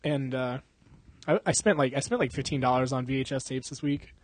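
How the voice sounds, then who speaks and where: A man's voice: mid-range voice, a little fast, no room sound. A young man chatting casually as a podcast host, rambling and swearing, with frequent laughs. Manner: rambling, profane, laughing often. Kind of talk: casual chat.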